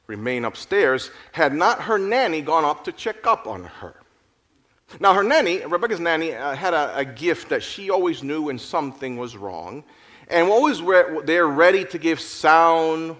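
Expressive male storyteller. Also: on the high side, normal speed. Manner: expressive, lively storytelling with restarts. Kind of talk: dramatic story narration.

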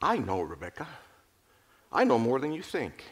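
A man's voice: medium pitch, wildly swooping pitch, normal speed, breathy edge, heavily acted. A man voicing a loving, patient father who speaks tenderly and reassuringly.

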